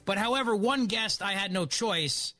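Philly-accented male radio host, opinionated, high and bright. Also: normal speed, soft background music. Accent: Philadelphia. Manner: animated, opinionated. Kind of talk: talk radio monologue.

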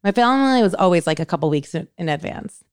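A young woman co-hosting a podcast, chatting casually and candidly, animated and self-mocking. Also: on the low side, fast, clean tone, no echo, clean studio sound. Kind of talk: casual chat.

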